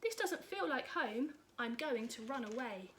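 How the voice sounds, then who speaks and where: A woman voicing a gentle, soft-hearted young tyrannosaurus who would rather eat plants. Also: fairly high pitch, animated, a little slow, slight background noise. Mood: tearful.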